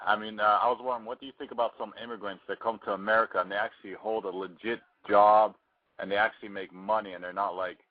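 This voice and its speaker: A lower-voiced man calls in to a radio show and asks his question haltingly, pausing and filling the gaps with filler words. His voice comes through a dry, narrow phone line. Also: steady tone, no echo. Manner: hesitant, halting, many fillers. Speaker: caller.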